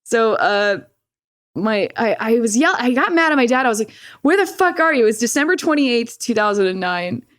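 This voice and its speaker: A woman's voice: a little high, animated, moderate pace, a bit bright, no room sound, studio quality. A young woman, a podcast guest, telling a personal story in casual talk, swearing freely and laughing often.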